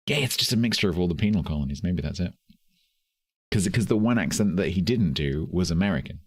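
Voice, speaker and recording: A male streamer talks through his game in a casual, chuckling ramble. His voice sits extremely low and husky, recorded dry and close. Faint music plays underneath. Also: lively intonation, quick pace, no room sound. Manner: chatty, chuckling, thinking aloud. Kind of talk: casual live gameplay commentary.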